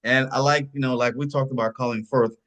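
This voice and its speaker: A man's voice: mid-range voice, steady tone, a little fast, a bit bright, lo-fi sound. A man co-hosting a casual film review podcast over a video call, rambling and tacking on "and stuff like that.". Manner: rambling, often adds "and stuff like that". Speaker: podcast co-host.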